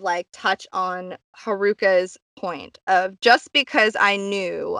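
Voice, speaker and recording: A chatty woman talks through a show recap at an easy, middling pitch. She piles on fillers as she goes. Her voice sounds dry and close, with no room around it. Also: pushed and bright, no echo. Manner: chatty, many "like" fillers, acts out quotes. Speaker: podcast host recapping a reality show. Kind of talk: casual chat.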